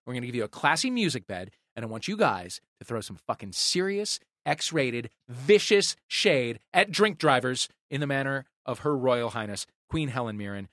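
A man hosts a comedy podcast with wry, playful jokes. His bright voice swings lively in pitch, and the sound is dry and close. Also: moderate pace, few pauses, no room sound. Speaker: podcast host.

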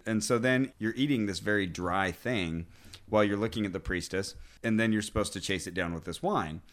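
A man's voice: lowish voice, a little fast. A man co-hosting a podcast, chatting casually and telling a rambling, self-deprecating story with little chuckles. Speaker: podcast co-host. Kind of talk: casual chat.

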